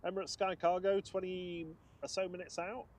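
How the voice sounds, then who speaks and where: A man's voice: high voice, normal speed. A man co-hosting a live plane spotting stream outdoors by a runway, casually reading out flights and chat messages. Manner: relaxed, reads out flight details and chat messages. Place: outdoors beside an airport runway.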